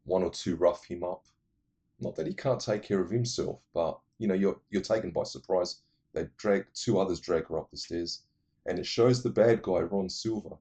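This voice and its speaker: A man casually retelling movie plots in an animated way, adding vocal sound effects. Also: deep voice, moderate pace. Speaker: movie reviewer.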